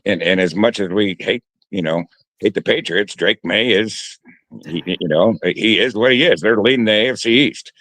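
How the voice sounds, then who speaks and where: A man's voice: fairly low pitch, normal speed, a bit bright, dry recording. A man co-hosting a sports talk show, talking casually and hesitantly with frequent restarts. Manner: hesitant, many restarts and fillers.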